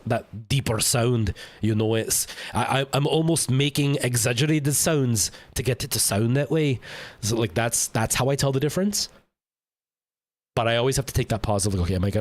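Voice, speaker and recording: A man's voice: medium pitch, no room sound. A man streaming a game live, chatting casually and thinking aloud with lots of fillers and restarts.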